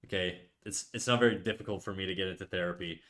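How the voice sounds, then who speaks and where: A man's voice: low-pitched, steady tone, fast, fairly bright tone. Young Canadian male streamer with a Canadian accent, casual and profane, talking to chat while drawing. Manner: loose, joking, swears often. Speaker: live-streaming artist.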